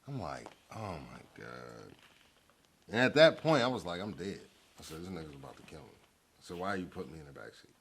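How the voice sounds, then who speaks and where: A middle-aged man, a guest on a therapy-style talk show, tells his life story in a casual, slangy, profane way, animatedly acting out the quoted lines of the people in it. His deep voice moves at a quick pace, creaky with a breathy edge.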